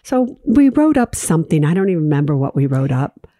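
A woman with a low-ish, mellow voice hosts a money advice show. She talks straight to her listeners, emphatic and direct, and drives points home by repeating them. The sound is close and dry. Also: big pitch swings, fairly quick, no room sound. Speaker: financial advice host.

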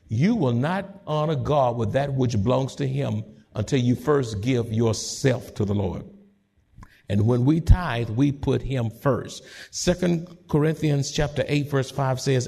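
A man pastor preaching a sermon in call-and-response style, with repeated words and passages that rise to shouting. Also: mid-range voice, creaky, husky.

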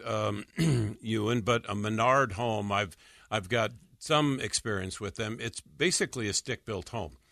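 A male radio host reads listener questions and answers them about loans in a studio. His voice is fairly low yet bright and forward, and it sounds dry and close. He stumbles along with many fillers and restarts, often chuckling. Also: gravelly, no room sound. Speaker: radio show host, mortgage lender. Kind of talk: radio talk show, reading listener questions.

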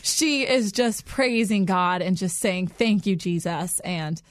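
A woman's voice: mid-range voice, slow pace, no echo, studio quality. A young woman answering interview questions in an earnest, heartfelt way, laughing lightly between sentences. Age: young adult. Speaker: guest. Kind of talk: interview answers, personal story.

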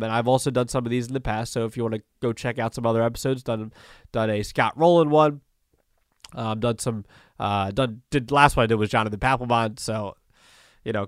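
A man's voice: medium pitch, clear, resonant tone, no room sound, clean studio sound. A man hosting a solo sports podcast, talking loosely and conversationally, with plenty of fillers and restarts. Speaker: podcast host. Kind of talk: casual solo sports talk.

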